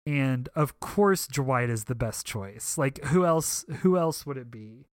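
A man's voice: medium pitch, animated, takes it slowly, dry recording, clean studio sound. A young man chatting casually on a podcast, rambling with emotional enthusiasm. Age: young adult. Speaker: podcast co-host.

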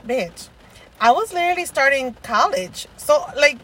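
A woman's voice: high voice, lively intonation, moderate pace, bright, forceful tone, poor audio. A young woman co-hosting a casual chat, telling candid stories full of swearing. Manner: candid, profane storytelling. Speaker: podcast co-host.

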